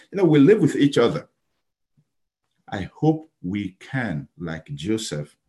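A man from Nigeria preaching a sermon, telling a story with sudden loud exclaims and soft pleading passages. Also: on the low side.

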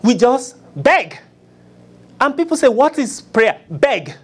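A preacher delivering a sermon, pleading and acting out prayers, swinging from loud cries to hushed murmurs. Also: big pitch swings, slow, breathy edge. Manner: acts out begging prayers in a low, soft voice.

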